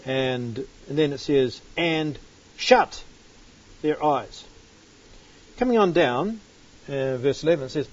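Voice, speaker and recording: Husky man teaching a Bible study. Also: on the high side, lively intonation, normal speed, a little mellow. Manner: reads scripture aloud with sudden emphatic bursts. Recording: dull lo-fi recording.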